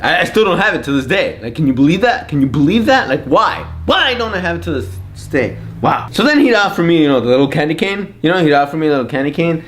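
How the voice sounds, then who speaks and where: A man's voice: fairly high pitch, lively intonation, quick pace, hardly any pauses, a bit bright, soft background music. A young man vlogging, telling a comic story in an exasperated, repetitive, mock-indignant way. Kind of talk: comedic storytelling rant.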